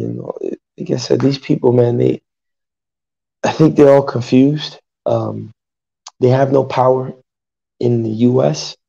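A man speaking as a podcast panelist in a casual discussion, hesitant and halting, often pausing with fillers. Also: medium pitch, vocal fry, mellow, dull audio.

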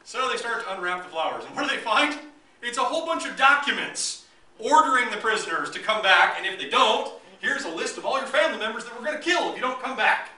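A male history lecturer talks to an audience in an echoey hall, his voice high, bright and sharp. He swings widely in pitch and mimics the people he describes for laughs. The mic is some distance away, with faint room noise behind him. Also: quick pace. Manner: animated, joking, acts out voices of both sides. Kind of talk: public lecture.

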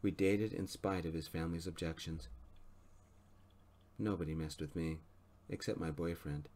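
A man with a low voice reads a story aloud in a soft-spoken, gentle way. His delivery is calm and even, meant for quiet listening. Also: moderate pace. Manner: gentle, even reading pace.

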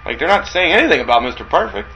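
A man's voice: high voice, sing-song, rapid-fire, vocal fry, bright, forceful tone, dull audio, slight background noise. A man co-hosting a wrestling radio podcast, chatting casually, swearing often and acting out stories with lots of energy. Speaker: podcast co-host. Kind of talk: casual chat.

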